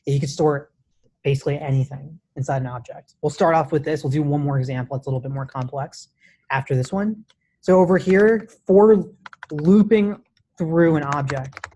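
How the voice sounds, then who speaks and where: A man's voice: on the high side, normal speed, dark tone. Casual male coding teacher. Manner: casual, many restarts, says "right?" often. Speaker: coding instructor. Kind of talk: live classroom lecture. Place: classroom.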